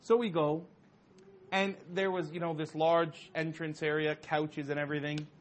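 Male storyteller, slightly high voice, animated and laughing, casual talk. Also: normal speed. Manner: animated, laughing often, heavy use of "you know". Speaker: storyteller speaking to an audience.

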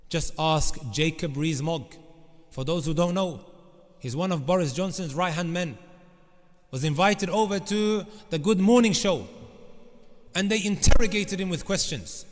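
In a large hall with long reverb, a man preaches a sermon emphatically, often turning to speak directly to the congregation. His voice sits high and he talks a little slowly.

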